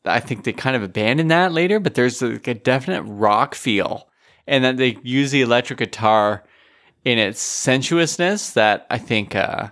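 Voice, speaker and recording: A man from Canada co-hosting a podcast, easygoing and quick to laugh in casual chat. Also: medium pitch, animated, a bit bright. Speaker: podcast co-host.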